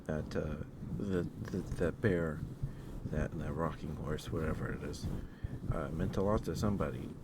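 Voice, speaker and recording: A streamer with a very low voice rambles softly in an ASMR style. He pauses often, filling the gaps with hesitant fillers, while a steady hiss runs beneath the recording.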